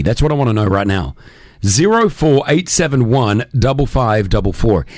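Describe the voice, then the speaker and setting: A man's voice: fairly high pitch, no echo. A male radio host in the studio, chatting and joking with guests in a loose, laughing way. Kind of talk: casual radio chat.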